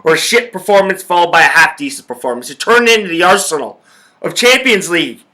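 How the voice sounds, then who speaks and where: A man's voice: sits high, lively intonation, brisk, bright, forceful tone. A young man hosting a sports podcast, ranting about football in a profane, fired-up way. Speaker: podcast host. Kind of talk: casual sports talk.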